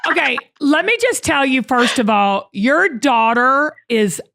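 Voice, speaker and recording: A woman hosting a casual podcast chat, playful and teasing, quick to laugh. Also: sits high, expressive, gravelly, a bit bright. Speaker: show host.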